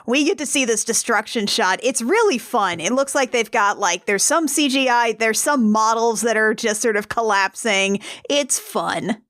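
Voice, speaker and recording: A woman's voice: fairly high pitch, normal speed, hardly any pauses, fairly bright tone, no room sound, clean studio sound. A woman co-hosting a podcast, chatting casually about a film's scenes. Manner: chatty, conversational commentary. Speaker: podcast co-host. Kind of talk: casual film recap chat.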